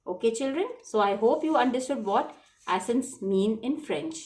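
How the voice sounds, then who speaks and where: A woman's voice: fairly high pitch, expressive, normal speed, darkish tone. Woman, children's French teacher; patient, repetitive classroom delivery, spells words letter by letter. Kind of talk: classroom lesson explaining spelling.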